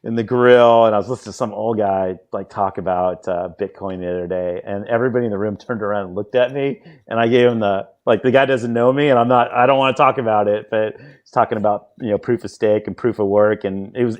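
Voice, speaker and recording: A man's voice: on the low side, steady tone, quick pace, few pauses. A man hosting a podcast, chatting casually in rambling anecdotes with frequent restarts. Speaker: podcast host. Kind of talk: casual chat.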